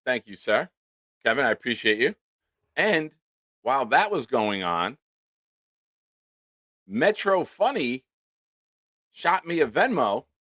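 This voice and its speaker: An animated man hosts a casual sports livestream, his pitch jumping around as he thanks viewers and swears offhandedly. His voice is bright and forceful, and the recording is close and dry. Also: slow pace, pauses often, no room sound. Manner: animated, swears casually, reads out supporter names. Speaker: sports talk show host.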